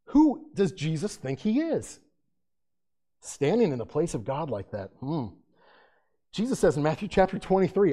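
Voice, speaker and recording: A male pastor preaches a dramatic sermon and keeps returning to rhetorical questions. His voice is mellow and warm, and it swings between hushed, low lines and loud, raised ones. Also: wildly swooping pitch, moderate pace. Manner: dramatic, repeated rhetorical questions, acts out quotes.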